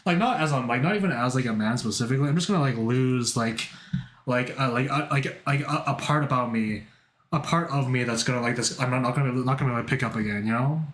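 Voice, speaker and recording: A man's voice: medium pitch, quick pace, fairly bright tone. A man streaming live, chatting casually to his viewers, rambling and self-mocking with lots of swearing. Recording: roomy echo.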